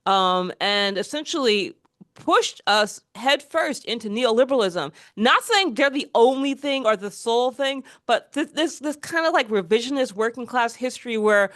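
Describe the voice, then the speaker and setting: A woman hosting a casual political chat, animated and quick to mock the voices she quotes. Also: on the high side, no room sound, studio quality. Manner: animated, mocking quoted voices, frequent restarts. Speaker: podcast host.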